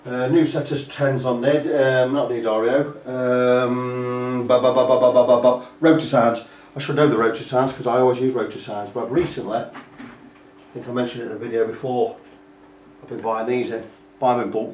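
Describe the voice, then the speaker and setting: A man talks through a guitar repair, explaining each step casually as he works. His voice sits at an ordinary middle pitch, picked up by the camera mic in an echoey workshop room. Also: slight background noise. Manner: chatty, explains step by step, talks while working. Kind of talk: hands-on repair walkthrough.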